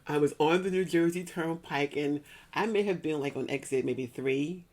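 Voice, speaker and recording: Speaking at a normal pace in a low, a little mellow voice, a middle-aged woman gives sincere church-style testimony about her own grief. She is repetitive and earnest, returning again and again to restate what she means.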